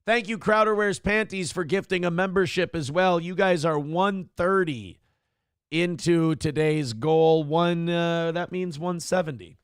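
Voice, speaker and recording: A man's voice: measured pace, clear, resonant tone, no room sound, studio quality. A man hosting a morning talk show, casually reading viewer comments aloud with sardonic mock indignation and cursing freely. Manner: puts on a high sing-song voice for quoted lines.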